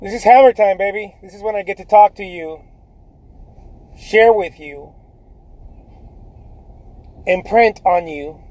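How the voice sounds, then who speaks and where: A man, an artist, giving a motivational vlog talk to his viewers, loud, swaggering and profane, laughing between points. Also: sits high, a little slow, pauses often, no echo, rough recording.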